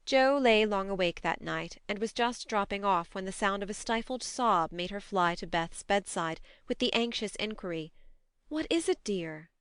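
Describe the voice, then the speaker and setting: A woman narrating an audiobook in a measured, expressive reading. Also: medium pitch, smooth, no echo, studio quality. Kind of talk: scripted narration.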